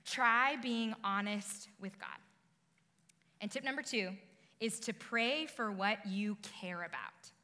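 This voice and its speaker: A young woman giving an earnest, animated youth sermon, talking directly with her audience. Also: mid-range voice, takes it slowly. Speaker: youth ministry speaker. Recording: long reverb of a large hall.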